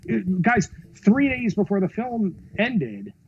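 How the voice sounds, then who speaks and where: A film director, a man, telling stories in a podcast interview, expressive, acting out quotes and swearing freely. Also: high voice, slow pace, lo-fi sound, a little hiss or hum. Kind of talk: animated storytelling in a podcast interview.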